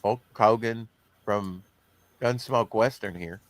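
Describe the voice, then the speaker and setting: A comics podcast host reads the news casually, rambling, filling his speech with fillers and poking fun at himself. His voice is fairly low and unhurried, recorded with no echo.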